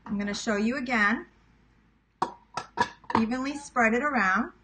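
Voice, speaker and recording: Her voice is a little high and a little slow, and there's background noise behind it. She's a cooking vlogger from Queens in her thirties, New York accent and all, casually chatting to viewers as she works through a recipe at home. She jokes at her own expense and calls everyone "guys."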